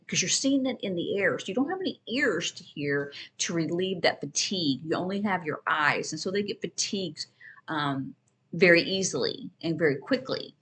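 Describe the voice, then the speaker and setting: A woman teaching sign language, explaining in a casual, conversational way with pauses and restarts. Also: on the low side, a bit bright. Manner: conversational, with fillers and restarts, shifting between quick and slow. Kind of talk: casual instructional talk.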